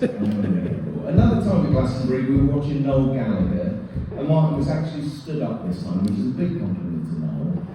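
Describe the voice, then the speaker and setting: A man tells comic stories in a best man speech with a lively, swooping delivery. His voice echoes heavily around a reception hall, picked up from a distance. Murmuring room noise runs underneath. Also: medium pitch. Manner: comic storytelling, animated. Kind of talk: wedding speech.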